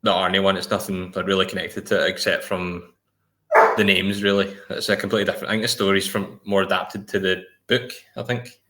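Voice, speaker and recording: A man co-hosting a podcast, chatting in a relaxed and joking way. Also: deep voice, fairly quick, slight background noise. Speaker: podcast co-host. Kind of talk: casual chat.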